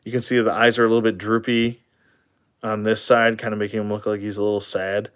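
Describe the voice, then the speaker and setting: Man, fairly low voice, easygoing toy reviewer who rambles with lots of "uh"s and chuckles. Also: flat delivery, quick pace, clean tone. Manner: rambling, many fillers and chuckles. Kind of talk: casual product review.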